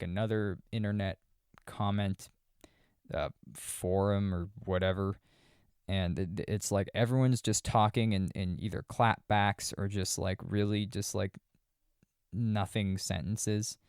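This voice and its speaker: A man's voice: lowish voice, fairly even intonation, measured pace, a little mellow, clear, resonant tone, dry recording, studio quality. A man hosting a podcast, casually reviewing a horror movie in a wry, sarcastic, rambling way. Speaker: podcast host.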